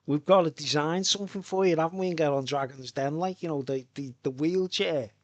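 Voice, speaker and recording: Brisk and fairly high-pitched, a middle-aged man rambles through a casual live stream from his home. He's chatty, swears freely, and laughs a lot, with no room sound in the recording.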